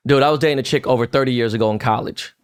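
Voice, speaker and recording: A man's voice: medium pitch, rapid-fire, smooth. A man in his fifties telling a story on a podcast in casual, profane slang, acting out quoted lines. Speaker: podcast co-host.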